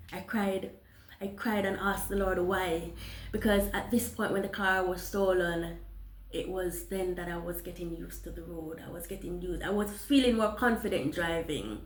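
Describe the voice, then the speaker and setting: Woman telling a personal story, echoey room. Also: fairly low pitch. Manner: animated retelling with many restarts and quoted dialogue. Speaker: motivational storyteller. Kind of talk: personal testimony.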